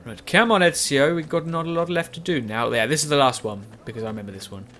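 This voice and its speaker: A man's voice: a little high, fast talker, a bit bright. Young man, casual let's-play chatter, rambling and self-correcting, faint game music underneath. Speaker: gaming YouTuber.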